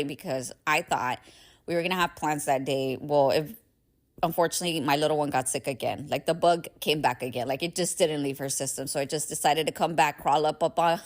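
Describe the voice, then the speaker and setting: A woman podcast host telling a personal story in a candid, casual way, swearing freely and chuckling often, sounding tired. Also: low-pitched.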